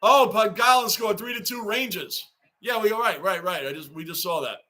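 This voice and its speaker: A man hosting a live sports reaction stream, rambling excitedly and reading fan chat aloud. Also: sits high, moderate pace. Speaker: livestream host.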